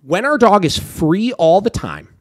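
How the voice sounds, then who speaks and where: A man's voice: high voice, sing-song, unhurried. A young man hosting a dog training podcast, explaining emphatically in a casual way, often asking "right?" and swearing now and then.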